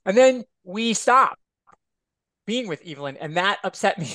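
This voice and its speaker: Chatty, expressive man on a podcast. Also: high voice, moderate pace, no room sound. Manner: chatty and expressive, swears freely. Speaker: podcast guest. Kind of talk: casual chat.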